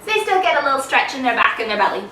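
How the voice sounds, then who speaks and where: A woman's voice: high voice, big pitch swings, very fast, sharp tone, roomy sound, far from the mic, a little hiss or hum, rough recording. A young woman leading a children's yoga lesson, playful and sing-song, making animal sounds as she teaches.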